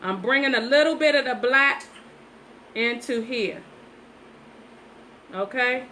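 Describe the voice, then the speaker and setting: Slow-talking, bright-voiced woman livestreaming. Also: on the high side, slight background noise, poor audio. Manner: chatty, repeats herself, talks straight to viewers. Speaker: livestream host painting sunflowers. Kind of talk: casual live-stream chat while painting. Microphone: phone.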